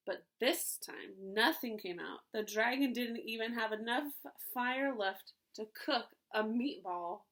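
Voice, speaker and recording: A woman, a preschool teacher, reading a storybook aloud to children in an animated way, pausing to ask them questions. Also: on the high side, low-quality recording. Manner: animated, asks listeners questions.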